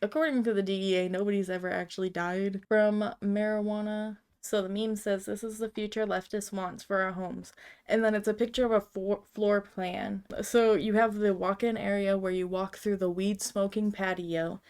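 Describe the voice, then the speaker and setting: Smooth-voiced woman rambling through memes. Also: mid-range voice, flat delivery, moderate pace, few pauses, a little mellow. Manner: rambling, filler-heavy, giggly. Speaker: video creator. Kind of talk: casual meme commentary.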